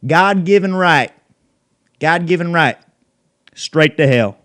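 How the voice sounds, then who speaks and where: Speaking slowly in a somewhat high, animated voice, a man role-plays a crude, bigoted redneck for a comedy sketch. The character taunts and rants loudly, swearing nonstop.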